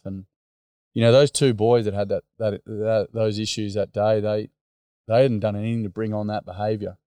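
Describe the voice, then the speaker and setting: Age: adult. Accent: Australian. Role: teacher and mentor, podcast guest. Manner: casual, blokey storytelling with "mate" and fillers. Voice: low, warm, flat and even. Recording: dry, close. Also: male voice, moderate pace, clean tone, no echo.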